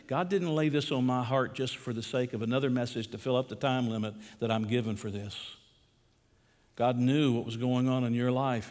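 A man preaching a sermon as pastor, emphatic and slowing down to stress key phrases. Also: mid-range voice, darkish tone, big-room sound.

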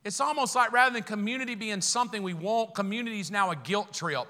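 A middle-aged man preaching a sermon in a fairly high, bright voice. He talks conversationally, slipping in jokes and rhetorical questions. The sound rings with the long reverb of a large hall. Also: big pitch swings, fairly quick. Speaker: pastor.

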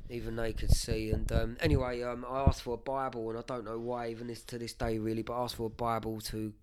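A man's voice: mid-range voice, flat delivery, quick pace, noisy background. A man, sharing his life story as a podcast guest in an earnest, emotional way, with many fillers and restarts. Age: 30s. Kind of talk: personal testimony, casual chat.

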